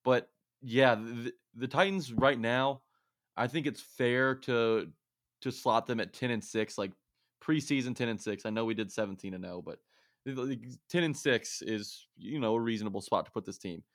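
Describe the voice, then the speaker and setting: A man's voice: mid-range voice, moderate pace, a bit bright, dry recording, clean studio sound. A man co-hosting a casual sports podcast, laying out stats and analysis with frequent restarts. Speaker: podcast co-host.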